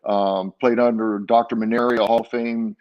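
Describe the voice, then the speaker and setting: A man's voice: fairly low pitch, level tone, normal speed, lo-fi sound. An older man, a former ballplayer, recounting his career in a casual interview with many fillers and restarts. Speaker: guest, former baseball player.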